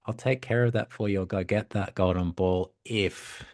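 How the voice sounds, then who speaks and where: Cheerful talking frog, fairy tale, man doing it, lifted pitch, bouncy, coaxing. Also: very animated, slow, a little mellow, dry recording, studio quality, heavily acted.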